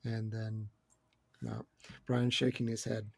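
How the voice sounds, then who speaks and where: A man's voice: fairly low pitch, little pitch movement, takes it slowly, creaky, a little mellow. A man co-hosting a casual film podcast roundtable, chatty and opinionated with joking asides. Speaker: podcast co-host.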